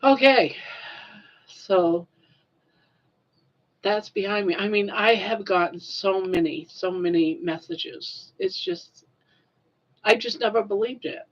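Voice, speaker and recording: An older woman speaks on a home livestream, crying and emotional as she thanks people. She talks slowly with a middle pitch, and the recording sounds a bit dull and lo-fi. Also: lively intonation. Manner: emotional, tearful and grateful. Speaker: crochet livestreamer. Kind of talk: casual livestream chat.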